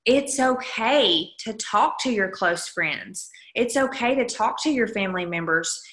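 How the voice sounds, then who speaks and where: On a video call, a woman coaches her sales team in a chatty, upbeat way, often turning to her listeners with asides. Her mid-range voice is animated, unhurried and a bit bright, and the video call microphone picks up a reverberant sound.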